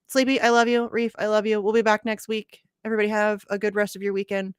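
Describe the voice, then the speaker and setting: A woman hosts a podcast in loose, casual chat. She is blunt and profane, with a cynical edge, and laughs often. Her voice sits at a middle pitch and sounds dry and close, with no room echo. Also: little pitch movement, quick pace, clean tone. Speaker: podcast host.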